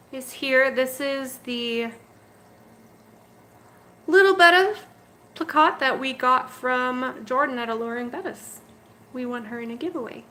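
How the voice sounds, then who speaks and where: Her voice sits high, bright and forceful. Broadcasting casually from her home fish room, the betta fish breeder and host moves the handheld camera around while fondly chatting and cooing at her fish.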